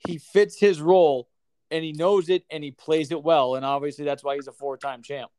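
A man hosting a casual sports podcast, talking in excitable, profane banter. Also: a little high, normal speed, a little hiss or hum. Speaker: podcast host.

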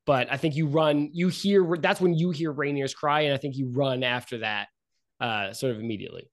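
A man's voice: mid-range voice, brisk. A man narrating as game master in a casual, rambling way, full of likes and uhs.

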